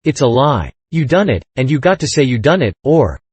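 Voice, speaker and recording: A man's voice: medium pitch, sing-song, moderate pace, breathy edge, no echo. A man playing a bristling con-man duke. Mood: angry. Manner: sharp and scolding. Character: scheming male con-man duke, angry, bossy.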